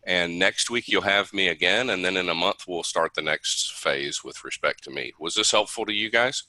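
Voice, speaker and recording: A man's voice: deep voice, moderate pace, pushed and bright, no echo, poor audio. A man with a Southern US accent teaching an online session, explaining at length in a conversational way with restarts. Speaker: instructor.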